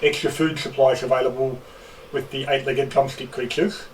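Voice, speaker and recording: A man's voice: mid-range voice, steady tone, normal speed. A man at a game table earnestly explaining details, often restarting his sentences. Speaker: player. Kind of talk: casual chat at a game table. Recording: distant mic with faint noise.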